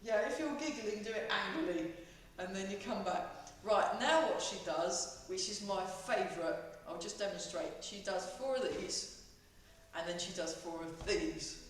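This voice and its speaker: A woman guides a tai chi class, counting the breaths in and out and slipping in jokes. Her voice sits at a middle pitch and sounds distant from the mic. It rings around a very echoey room. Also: moderate pace, slight background noise. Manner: playful, joking, cueing breaths. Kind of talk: teaching a class, guiding breathing.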